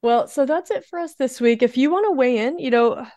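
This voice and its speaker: A woman's voice: high-pitched, expressive, a little fast, dark tone, no echo, studio quality. A woman co-hosting a podcast, talking in a chatty, upbeat way and wrapping up the episode. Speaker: podcast co-host. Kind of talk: casual podcast chat.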